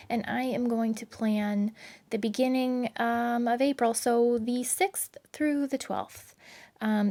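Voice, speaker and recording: A woman's voice: on the high side, a little mellow. A woman chatting casually as she sets up a planner, rambling with many fillers and little laughs, recorded at home. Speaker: planner vlogger.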